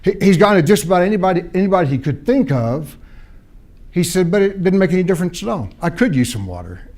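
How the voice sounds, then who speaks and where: A man's voice: sits high, very animated, quick pace, a little mellow. A man speaking to an audience at a seminar, telling a story and acting out both sides of a conversation, often repeating and restarting phrases.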